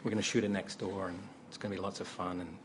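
A man's voice: low voice, fast talker. A man telling a funny anecdote on stage to a convention crowd, stammering and acting out the people he quotes. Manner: animated storyteller, stammers and acts out quotes. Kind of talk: live storytelling to a convention crowd. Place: large convention hall with a live audience. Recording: crowd and noise in a big hall. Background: crowd laughter and ambient noise.

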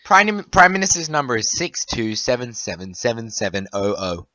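Young man, podcast co-host, hesitant halting reading, bright voice, muffled lo-fi audio. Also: medium pitch, very animated. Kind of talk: casual podcast banter, reading test questions aloud. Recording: dull, lo-fi home recording.

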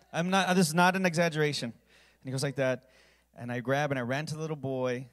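A man serving as pastor, telling a heartfelt story and leading communion and a closing prayer. He talks earnestly, dropping to a hush at times and rising loud at others. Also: fairly high pitch, steady tone, moderate pace. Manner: earnest storytelling, volume swinging from hushed to loud.

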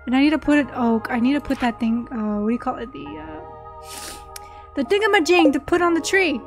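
Eine Frau, die locker und aufgeregt ein Spiel kommentiert, oft nach Luft schnappt und kichert. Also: female voice, high voice, a little fast, low-quality recording. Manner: excitable, gasping and giggling often. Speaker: gaming channel host. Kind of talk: casual gameplay commentary. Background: soft game music.

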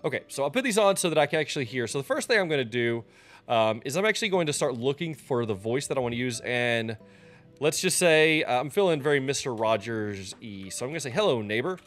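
A man talking through a software tutorial in a casual, loose way, often pausing with ums and restarting his sentences. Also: medium pitch, animated, faint music behind. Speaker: streamer teaching a software tutorial. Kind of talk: casual screen-recorded tutorial.

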